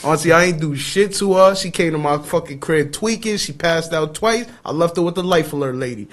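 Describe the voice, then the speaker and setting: Young dude, high voice, animated storytelling, gets loud then hushed. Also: male voice, normal speed, hardly any pauses. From New York. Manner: animated, swings into loud shouting and hushed asides while acting out quotes. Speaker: podcast co-host. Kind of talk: casual storytelling chat.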